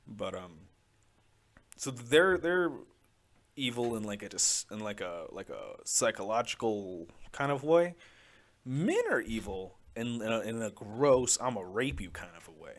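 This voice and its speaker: Podcast host, young male, loose rambling delivery, laughs a lot, low but animated pitch. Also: a little slow. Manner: rambling, full of "like", laughs often. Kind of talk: casual chat.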